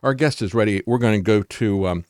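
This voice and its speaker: A man's voice: lowish voice, fairly quick, darkish tone, no echo, clean studio sound. A man hosting a talk show, giving emphatic opinionated commentary with sarcastic asides.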